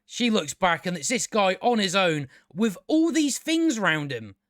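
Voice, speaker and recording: A man's voice: sits high, big pitch swings, a little slow, a bit bright, dry recording. Sweary man ranting, dry sound. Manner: sweary, exasperated, stammering restarts. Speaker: show reviewer. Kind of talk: casual ranting review commentary.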